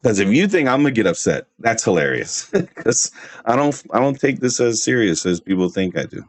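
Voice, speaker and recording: A streamer delivers a casual livestream rant that is brash, rambling, and full of trash talk and restarts, laughing at his own jokes. His medium-pitched voice is very animated at a normal speed, with no room sound.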